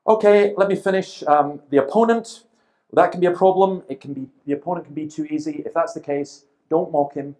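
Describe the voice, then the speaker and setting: A man in his fifties delivers a seminar talk in a lively storytelling manner. He slips into the voices of people in his anecdotes and keeps a dry, humorous edge throughout. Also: a little high, low-quality recording. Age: 50s. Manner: lively storyteller who acts out quoted people, with dry humour. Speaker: seminar speaker.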